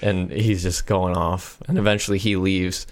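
A man's voice: deep voice, level tone, normal speed. A young man telling a profane story in casual podcast chat, slipping into quoted voices. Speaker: podcast co-host.

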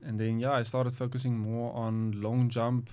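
A young man in his twenties with a South African accent, a guest athlete speaking casually and hesitantly with lots of pauses. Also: mid-range voice. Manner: relaxed, hesitant, many ums. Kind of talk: casual interview chat.

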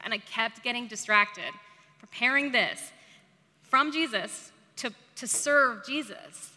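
A woman's voice: fairly high pitch, slow, bright, forceful tone, big-room sound. A woman preacher giving a chatty, self-deprecating sermon in a conversational way. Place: church service.

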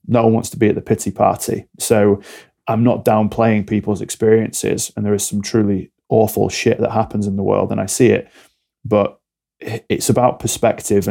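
A man's voice: on the low side, creaky, warm tone. A man talking bluntly and directly as a coach being interviewed on a podcast. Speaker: alcohol-free coach, podcast guest.

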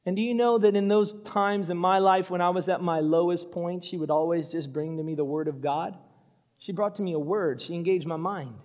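High-voiced preacher in a reverberant hall. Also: male voice. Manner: animated, acts out Bible scenes in quick voices. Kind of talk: sermon.

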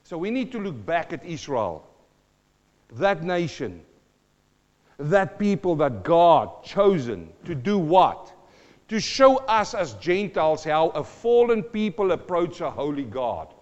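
Male preacher, middle-aged, high voice, dramatic, questions the congregation, dull live sound. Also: big pitch swings, slow, in a large hall. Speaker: pastor. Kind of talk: sermon.

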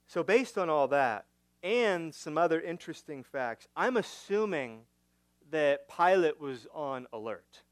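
A male pastor preaching a sermon, teaching through a passage with rhetorical questions, swinging from emphatic to hushed. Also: a little high, animated, measured pace, dry recording.

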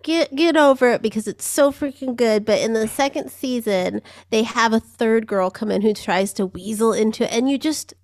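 A woman's voice: on the high side, normal speed, few pauses, a little mellow, dry recording. A woman co-hosting a podcast, chatting casually, giggly and enthusiastic. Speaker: podcast co-host. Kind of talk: casual chat.

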